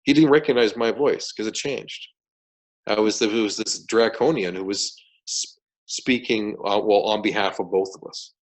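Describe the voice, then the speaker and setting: A man telling a story as an interview guest, animated and full of restarts and repeated words. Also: fairly low pitch, moderate pace, rough recording. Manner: animated, repeats words and restarts sentences while retelling events.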